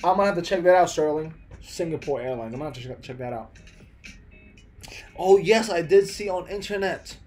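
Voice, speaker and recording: Man, American accent, fairly high voice, chatty, laid-back, faint music behind. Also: expressive, fairly quick, a little mellow. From Philippines, raised in the US. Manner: chatty, frequent "bro" and "man", many restarts. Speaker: live stream host. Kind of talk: casual live stream chat with viewers.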